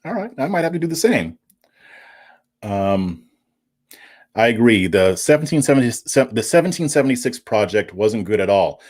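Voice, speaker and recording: Very animated but leaving long pauses, this mid-range, darkish male voice moves at normal speed. He's the host of a political commentary livestream, laughing lightly through viewer comments while often stumbling and repeating himself.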